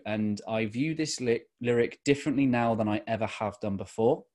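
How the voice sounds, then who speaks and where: A middle-aged man giving an earnest motivational talk as a podcast host, slowing down to stress key phrases. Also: mid-range voice, darkish tone.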